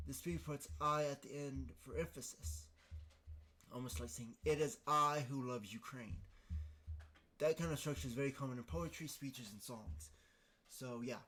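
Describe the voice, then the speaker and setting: A man talks through a grammar point on his podcast at a mid pitch. He thinks out loud, hesitating, restarting, and dropping ums between phrases, in a loose conversational way. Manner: hesitant, many fillers and restarts, thinking aloud. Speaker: podcast host. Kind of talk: casual explanatory monologue.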